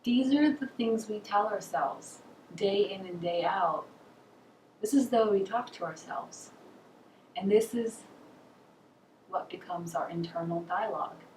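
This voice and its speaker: A woman's voice: mid-range voice, unhurried, long pauses, darkish tone. A woman giving an earnest, encouraging self-help talk to camera, asking her listeners questions. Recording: roomy echo, mic set far off, faint hiss.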